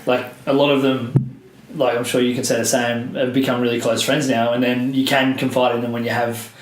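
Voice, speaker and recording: A man's voice: mid-range voice, flat delivery, fairly quick. A man hosting a podcast, chatting casually, agreeing often and swearing freely. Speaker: podcast host. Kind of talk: casual chat. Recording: echoey room with faint noise.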